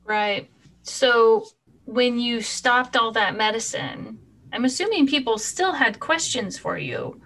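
A woman's voice: fairly high pitch, expressive, takes it slowly, a bit bright. A woman interviewing a guest, asking attentive questions and checking that she has understood him.

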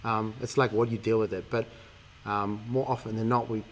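A man with a fairly low voice talks casually about faith. He poses questions, loops back on his words and chuckles often. A faint noise runs underneath. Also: flat delivery, normal speed. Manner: questioning, casual, laughs easily.

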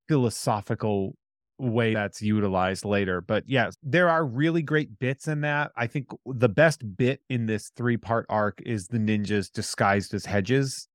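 A man's voice: fairly low pitch, no room sound, studio quality. A man co-hosting a casual chat about comics, chatty and amused, acting out funny quotes from scenes. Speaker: podcast co-host.

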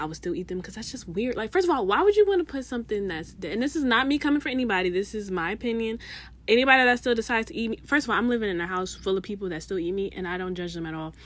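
A young woman vlogging in a casual, chatty way, animated and rambling, full of asides and restarts. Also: medium pitch. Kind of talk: casual chat to camera.

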